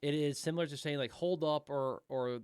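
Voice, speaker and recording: A man co-hosts a casual podcast, talking fast and rambling through his points with plenty of repeated words and offhand swearing. His voice is close and dry, with no room around it. He sounds like a parent in his thirties. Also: mid-range voice, fairly even intonation, clear, resonant tone, no room sound. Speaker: podcast co-host.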